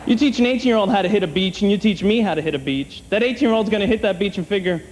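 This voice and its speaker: A man working a comedy club crowd with a wry, chatty stand-up set, his voice sitting high for a man. The stage mic carries a long hall reverb, with clear room noise underneath. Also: a little mellow. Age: older than 30. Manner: wry, conversational, acts out quick bits in other voices.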